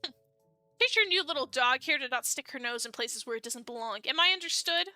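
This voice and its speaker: A woman's voice: high-pitched, expressive, fairly quick, bright, forceful tone, dry recording, soft background music, heavily acted. A woman voicing a stern, menacing male company president in a dating game. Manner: stern, threatening.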